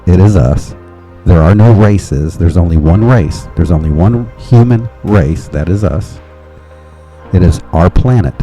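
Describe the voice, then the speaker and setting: A man's voice: low voice, mellow. A man hosting a podcast, talking in a rambling casual monologue with restarts and nervous little laughs. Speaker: podcast host.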